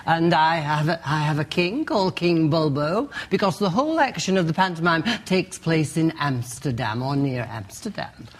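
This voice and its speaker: A man in his seventies who plays the pantomime dame, chatting on a TV sofa in a high, chirpy manner. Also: expressive, normal speed. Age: 70s.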